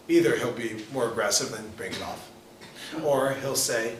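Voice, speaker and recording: A man teaching a class as a rabbi, animated and questioning, acting out quoted people. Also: medium pitch, brisk. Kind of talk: lively lecture with questions to the audience. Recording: echoey room, mic at a distance, faint noise.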